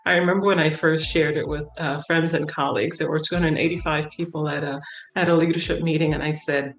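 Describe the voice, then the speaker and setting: A woman's voice: sits low, steady tone, brisk. A middle-aged woman, a nurse leader, talking earnestly and with emphasis as an interview guest, often repeating phrases to drive a point home. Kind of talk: interview conversation. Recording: roomy echo, faint music.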